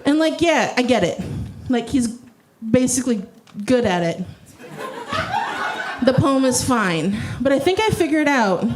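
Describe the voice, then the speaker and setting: Wry woman comic, fairly high voice. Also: big pitch swings, a little slow, noisy background. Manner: wry, self-deprecating, mock slam-poetry delivery. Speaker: stand-up comedian. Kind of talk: stand-up comedy.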